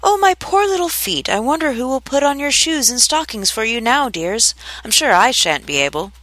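A curious little girl, put on by a woman reader, chattering and puzzling aloud to herself in a storybook. The voice is high and bright, set close to the mic in a dry space. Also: sing-song, moderate pace, dry recording, rough recording. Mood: fretful.

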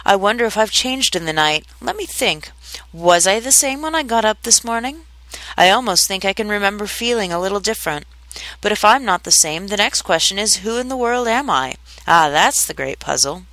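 A woman's voice: medium pitch, expressive, normal speed, fairly bright tone, no echo, poor audio. A woman voicing a curious, fretful little girl who chatters and wonders aloud to herself in a storybook reading. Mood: puzzled.

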